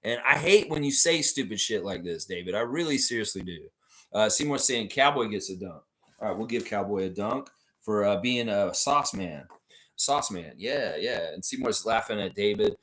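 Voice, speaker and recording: A man hosting a casual live stream, reading viewer comments aloud and reacting to them. His voice is mid-pitched, and its pitch swings widely as he riffs playfully. He often repeats short phrases for emphasis. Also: big pitch swings, moderate pace, a bit bright. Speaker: fan show host reading live chat.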